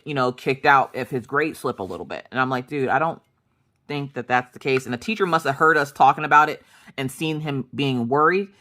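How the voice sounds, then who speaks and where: Woman, vlogger, casual storytelling, very lively pitch, filler-heavy chatty talk. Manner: chatty, fills talk with "like", laughs often.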